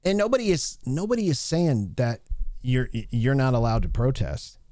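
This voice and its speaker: A man's voice: medium pitch, very animated, normal speed, dark tone, no echo, studio quality. A man giving blunt, profane opinion commentary on a livestream, rambling with many restarts.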